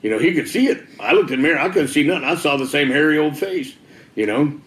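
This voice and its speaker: A man's voice: on the high side, lively intonation, fast talker, a bit bright. Ex-biker man sharing his testimony, laid-back and slangy, recorded in a reverberant room. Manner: casual, slangy, peppered with "dude" and "man". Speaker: former biker giving a church testimony. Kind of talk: personal testimony storytelling.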